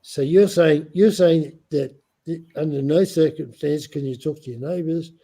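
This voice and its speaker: A man's voice: fairly high pitch, normal speed, dark tone, breathy edge. A man with a non-American English accent, lecturing insistently in a heated casual argument and repeating his points.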